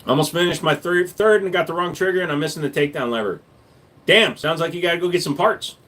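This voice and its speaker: A man hosts a casual livestream and talks in a slightly high voice. He answers viewers' comments with blunt, profane jokes. His delivery is loose and unscripted banter. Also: quick pace, fairly bright tone. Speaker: livestream host reading chat.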